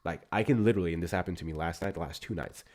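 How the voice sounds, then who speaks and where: Casting: very low-voiced American man, livestream host, loose and profane. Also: racing. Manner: profane, animated, laughing asides. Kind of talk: casual livestream chat.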